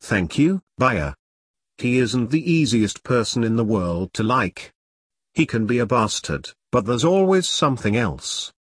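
A loyal old army friend talks bluntly and plainly, as a male narrator puts him on. The voice is husky, with lively rises and falls, and it sounds dry and close. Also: mid-range voice, unhurried, dry recording.

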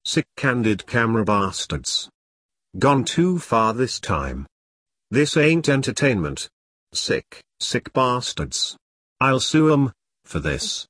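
Guy doing a scared rough captive, whimpering, mumbling to himself, slow. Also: mid-range voice, big pitch swings, fairly bright tone, no echo, heavily acted. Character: terrified, rambling, down-and-out man.

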